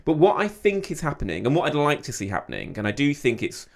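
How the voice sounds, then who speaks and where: A man speaking as a guest on a media podcast, animated and repeating words as he thinks aloud. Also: a little high, quick pace, creaky. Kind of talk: casual media discussion.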